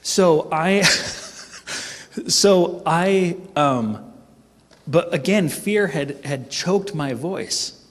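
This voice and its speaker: A middle-aged man telling a funny personal story at a team training, animated and self-mocking. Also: a little high, very slow. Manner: animated, humorous, acts out his own panicked voice. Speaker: speaker at a sales team training. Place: event hall. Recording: echoey hall reverb.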